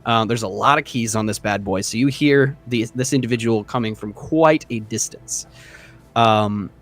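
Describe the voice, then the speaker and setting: A young man running a tabletop game as dungeon master, narrating in a relaxed way with many fillers. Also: on the low side, moderate pace, soft background music.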